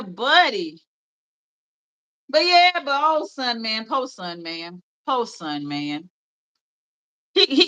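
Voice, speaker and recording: A woman in her thirties with a Memphis accent hosts a livestream, her slightly high voice pushed and bright. She rambles in casual, chatty talk packed with fillers and laughs, and the recording is rough.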